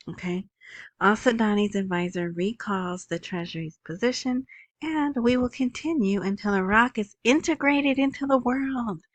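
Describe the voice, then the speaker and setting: A woman's voice: mid-range voice, dry recording. A middle-aged woman hosting her own podcast, rambling casually with lots of fillers and asides. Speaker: podcast host. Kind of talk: casual solo podcast monologue.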